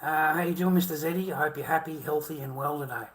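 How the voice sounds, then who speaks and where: A man's voice: a little high, fast, fairly bright tone. A man livestreaming a casual monologue, ranting in a heated, profane, repetitive way.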